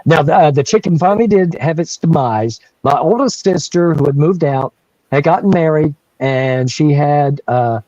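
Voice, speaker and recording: An older man from North Carolina, his voice sitting a little high for a man, tells a story animatedly, breaking into laughs and restarting his sentences. The sound is dry and dull, like a lo-fi recording. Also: normal speed, dark tone, no echo. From North Carolina, USA. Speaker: guest telling a personal story. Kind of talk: casual storytelling.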